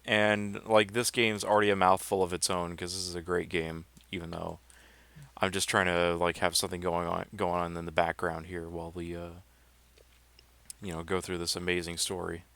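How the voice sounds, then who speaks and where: A man's voice: deep voice, fairly even intonation, normal speed, bright, forceful tone, no room sound. A man in casual livestream chat, laid-back and rambling as he plays games in the background.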